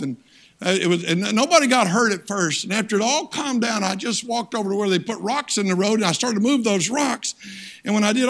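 A man's voice: high voice, fairly bright tone. An older man, a missionary and guest preacher, giving a sermon in a plain-spoken, folksy storytelling way with emphatic turns. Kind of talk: sermon with personal stories.

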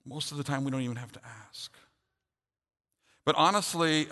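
A middle-aged pastor preaches with a slightly high, bright, forceful voice at normal speed, the sound carrying a long hall reverb. He starts out earnest and builds toward a funny personal story.

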